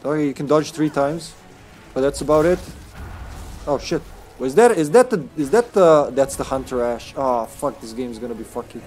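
A man's voice: medium pitch, expressive, moderate pace, a little mellow, soft background music. A man streaming a game, chatting casually, joking, swearing, and slipping into put-on accents. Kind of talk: casual gameplay commentary.

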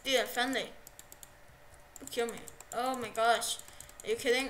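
A young woman livestreaming a game, excitable and repeating herself, yelping at what happens on screen. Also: a little high, unhurried, heavy background noise. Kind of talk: live gameplay commentary.

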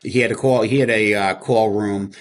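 A man's voice: on the low side, steady tone, normal speed, slight background noise. Candid man rambling through his story. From New Jersey. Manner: rambling and candid, with many fillers and acted quotes. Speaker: interview guest. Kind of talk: casual storytelling.

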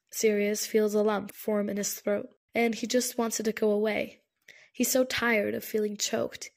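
A woman narrating an audiobook with a steady, measured reading. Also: medium pitch, gravelly. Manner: steady, measured reading with present-tense prose.

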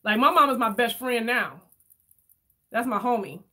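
A woman chatting casually with her viewers while doing her makeup, telling stories in an animated way and reading their comments aloud. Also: a little high, moderate pace. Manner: chatty, animated storyteller, addresses viewers as y'all. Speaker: beauty vlogger reading live chat.

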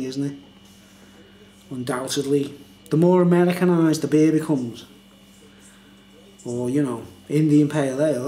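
A man's voice: a little high, moderate pace, pauses often, dark tone. A tipsy man reviewing beer in a casual, meandering monologue full of filler phrases. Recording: echoey room.

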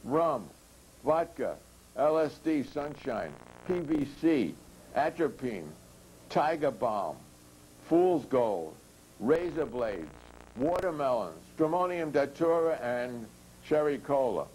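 A man reading a chapter of his own comic novel aloud in a dry, steady, deadpan way. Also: medium pitch, slow pace, a little hiss or hum, low-quality recording.

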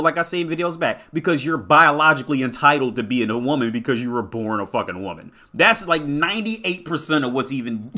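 A man's voice: on the high side, pushed and bright. A man giving blunt, profane reaction commentary in a rant, often repeating himself. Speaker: commentary vlogger.

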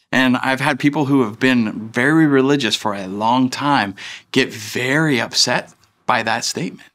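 A man in his thirties preaching a sermon as a pastor in a church, speaking in a relaxed, conversational way with frequent fillers like "uh" and "like.". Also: mid-range voice. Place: church stage.

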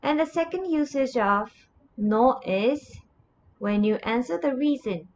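A woman with a Japanese accent teaches a grammar lesson, taking her time and repeating each example phrase. Her voice sits a little high and her delivery is slow. The recording sounds slightly dull, with a faint hiss underneath. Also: lively intonation. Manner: slow, careful, repeats example phrases with rising and falling intonation.

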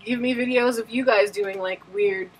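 A woman's voice: fairly high pitch, steady tone, moderate pace, breathy edge. A woman hosting a web show who chats casually and bubbly with her viewers. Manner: bubbly, giggly.

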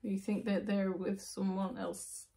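A woman's voice: mid-range voice, flat delivery, unhurried, mellow. A woman giving a tarot reading to viewers, thinking aloud with restarts and asides and getting emotional as she goes. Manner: emotional, intuitive, self-interrupting. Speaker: tarot reader.

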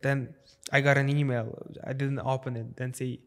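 Young man, from Uzbekistan, Uzbek speaker, podcast guest, rambling with fillers, mid pitch. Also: level tone, moderate pace. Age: young adult. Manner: rambling storyteller, many fillers and restarts. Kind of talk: casual podcast interview.

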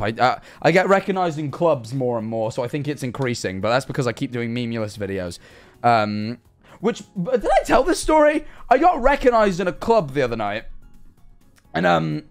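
A young man with an English accent, chatting on a livestream, swearing and bursting into incredulous shouts as he reacts to viewer messages. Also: on the high side. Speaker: streamer.

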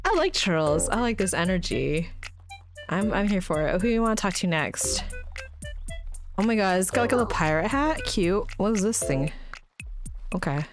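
A woman's voice: lowish voice, moderate pace. A young woman streaming a video game, chatting casually, laughing often and reading dialogue aloud. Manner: giggly, excitable, often laughing. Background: game music.

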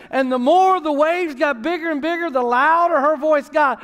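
Male pastor, very high-pitched, emphatic storytelling sermon, echoing sanctuary. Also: normal speed, hardly any pauses. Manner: storytelling preacher, builds to emphatic near-shouting. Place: church sanctuary. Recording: long reverb of a large church hall.

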